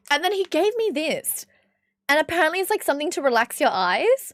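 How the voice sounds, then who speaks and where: A young Australian woman streamer telling stories in casual chat, animated and swearing freely as she acts out the people she met. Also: very high-pitched, quick pace, no echo, studio quality.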